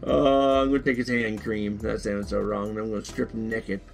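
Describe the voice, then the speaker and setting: A man giving casual gameplay commentary as a YouTuber, excitable, jokey and easily frustrated. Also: mid-range voice, fairly quick, gravelly, few pauses, faint music behind. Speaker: gaming YouTuber.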